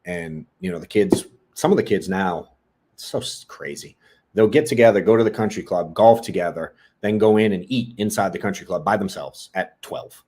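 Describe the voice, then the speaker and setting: A middle-aged man co-hosting a podcast, telling a parenting story in a blunt, profane, animated way. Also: deep voice, moderate pace, husky. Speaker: podcast co-host. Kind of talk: casual podcast monologue.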